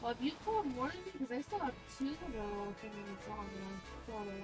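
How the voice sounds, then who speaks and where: A young woman joins a live game stream, dry and teasing. Her voice is high and bright for a woman. Clear game music runs behind her. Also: a little fast. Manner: teasing, deadpan mock-threats. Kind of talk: casual live-stream chat.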